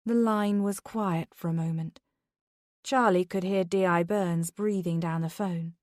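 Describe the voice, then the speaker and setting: A woman narrating a psychological thriller audiobook in a measured, steady voice. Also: on the low side, no room sound, studio quality. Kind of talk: scripted narration.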